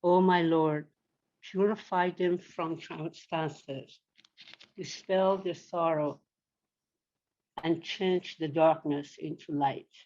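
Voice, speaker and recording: A woman sharing a remembrance at a memorial and then slowly reciting a prayer. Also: low voice, fairly even intonation, a little mellow. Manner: slow and earnest, reciting a prayer. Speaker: memorial speaker. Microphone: video call. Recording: dull lo-fi video call audio.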